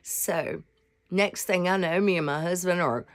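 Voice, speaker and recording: A woman's voice: fairly low pitch, unhurried. A woman in her sixties hosting a casual devotional vlog, talking in a rambling, heartfelt way. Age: 60s. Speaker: vlog host.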